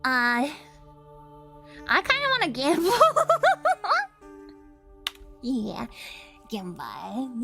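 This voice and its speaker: A woman's voice: high voice, sing-song, drawn-out words, gravelly, pauses often, music in the background. A young woman streamer, giggly and chatty, reading game dialogue and chatting casually. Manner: giggly and chatty, laughs often.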